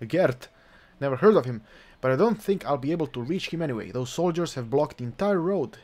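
A man commentating on his own gameplay in a loose, playful way, full of jokes and chuckles. He throws in mock-outraged swearing, and his voice sits a little higher than most men's. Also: a little mellow. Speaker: gaming channel host. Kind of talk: let's play commentary.

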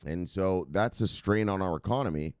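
A man hosting a casual livestream. He swears a lot, jumps into loud bursts and keeps repeating the same catchphrases. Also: sits low, normal speed, smooth, no echo. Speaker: livestream host.

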